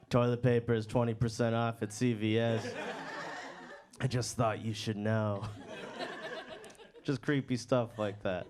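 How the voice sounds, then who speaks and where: A man's voice: mid-range voice, fairly even intonation, a crowd in the background. A man from the South Shore of Massachusetts performing a stand-up set on a comedy club stage, self-deprecating and hesitant. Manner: self-deprecating, slow hesitant delivery with restarts.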